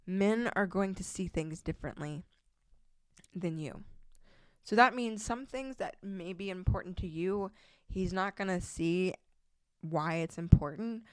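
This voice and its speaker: A young woman talks through faith-based relationship advice in a relaxed, chatty way, with a slightly low voice. She laughs easily between points. The sound is dry and close. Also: unhurried, no echo. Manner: casual, chatty, laughs often, reads scripture aloud. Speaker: podcast host.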